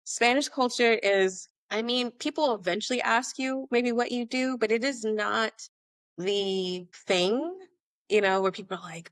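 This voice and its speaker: An American woman from Atlanta in her late thirties, chatting as an interview guest. She tells lively stories and acts out the people she quotes. The sound is dry and close, with a voice at a middle pitch for a woman. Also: a little slow, no room sound. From Atlanta, United States. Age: late 30s. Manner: animated storyteller who acts out quoted dialogue. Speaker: podcast guest. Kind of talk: casual interview conversation. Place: abroad in Spain.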